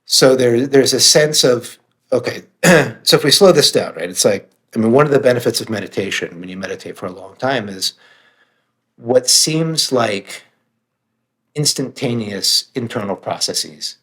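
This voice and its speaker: On a frank podcast, this guest, an author who teaches meditation, speaks at a moderate pace in an expressive mid-range voice with a fairly bright tone. He's sincere and thoughtful, cursing now and then to drive a point home.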